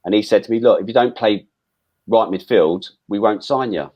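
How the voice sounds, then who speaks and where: A middle-aged man recounting his playing days in a relaxed, rambling way. His voice sits a little low, and he trips over restarts and drops the odd swear word. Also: moderate pace, lo-fi sound. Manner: chatty, frequent restarts and "um"s, swears casually. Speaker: former footballer guest. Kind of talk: casual interview storytelling.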